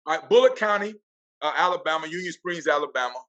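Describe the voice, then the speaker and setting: High, bright-voiced storyteller man. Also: quick pace. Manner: lively, acts out quotes. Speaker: athletic director, podcast guest. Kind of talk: animated storytelling.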